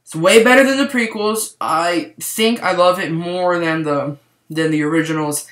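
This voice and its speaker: A man giving a casual movie review to camera, rambling and excited, with lots of "like" fillers. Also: high voice, normal speed. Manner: rambling, excitable, heavy use of "like". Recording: roomy echo.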